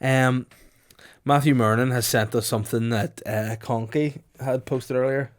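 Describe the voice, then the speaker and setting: A man's voice: mid-range voice, fairly even intonation, unhurried. A young man co-hosts a casual podcast. He swears freely, laughs through his own stories, and keeps slipping into mocking impressions of other people. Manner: laughs a lot, swears, mimics voices. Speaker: podcast co-host. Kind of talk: casual banter.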